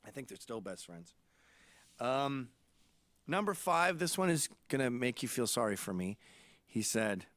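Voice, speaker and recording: With no echo and long pauses, a Canadian man in his late forties speaks unhurriedly in a mid-range voice. His podcast monologue is comedic, built on irreverent, animated stories.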